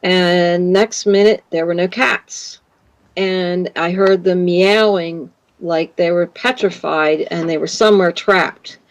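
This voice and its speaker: A woman from Canada in her fifties, a guest in an interview, telling rambling, animated stories. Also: on the low side, takes it slowly, low-quality recording. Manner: rambling, animated storytelling with laughs. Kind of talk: casual interview.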